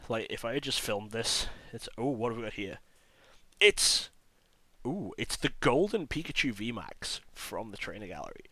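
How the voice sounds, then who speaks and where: A man hosting a card pack-opening video, hoarse from illness, chatting and mocking his own voice as he lists each card. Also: mid-range voice, big pitch swings, moderate pace, bright, forceful tone. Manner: chatty, self-mocking, listing cards as he goes. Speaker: card-opening channel host. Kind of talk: casual pack-opening commentary.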